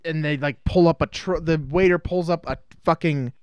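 A man's voice: fairly high pitch, moderate pace, a little mellow, smooth, dry recording. A man co-hosting a podcast, joking crudely and casually about a film, recorded close on a mic. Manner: joking, crude, mocks characters in silly voices. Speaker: podcast co-host. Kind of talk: casual movie-review chat.

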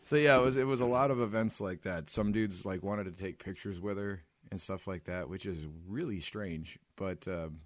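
A man's voice: sits low, moderate pace, hardly any pauses, dry recording, clean studio sound. A man co-hosting a casual podcast, telling an anecdote and acting out the people in it. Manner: animated storyteller, acts out quotes. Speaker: podcast co-host.

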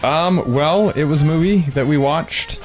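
A man's voice: fairly high pitch, unhurried, faint music behind. A man co-hosting a casual podcast, wisecracking and teasing his friends. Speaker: podcast co-host. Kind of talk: casual chat. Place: indoors, home with friends.

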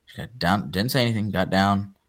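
A man's voice: fairly low pitch, a little fast, fairly bright tone. A father chatting casually, rambling and trailing off with self-deprecating humor. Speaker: podcast co-host, father. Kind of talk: casual chat.

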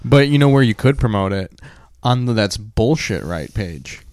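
A man with a lowish voice in relaxed podcast chat. The sound is dry and close. He explains things at a deliberate pace. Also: clear, resonant tone, no room sound. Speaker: podcast co-host. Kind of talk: casual chat.

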